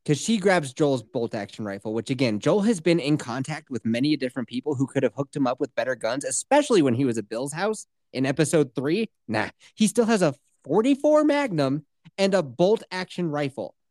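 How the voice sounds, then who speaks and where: Woman, podcast co-host, sarcastic, profane, low-ish voice, dry close sound. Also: sing-song, normal speed, a little mellow, no room sound. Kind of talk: casual chat.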